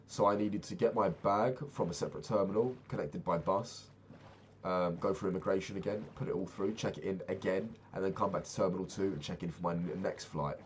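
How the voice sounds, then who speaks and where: Young guy with a really low voice rambling about his trip, lots of swearing, bit of hiss behind. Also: fairly quick. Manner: profane, rambling, animated retelling. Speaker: vlogger. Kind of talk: casual travel storytelling.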